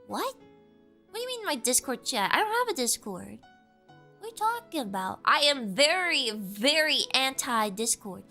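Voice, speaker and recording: A woman's voice: high voice, normal speed, faint music behind. A young woman streamer from the American South, chatting casually and teasing her viewers as she reads their messages aloud. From Southern United States. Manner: playful, teasing, animated. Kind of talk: casual livestream chat, reading chat aloud.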